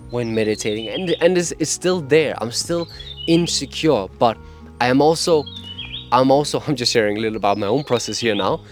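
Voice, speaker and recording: A man with a cadence, talking earnestly and openly about his own experience in a personal vlog. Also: medium pitch. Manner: earnest, open, laughs now and then. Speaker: vlogger sharing meditation advice. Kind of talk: casual personal talk to camera.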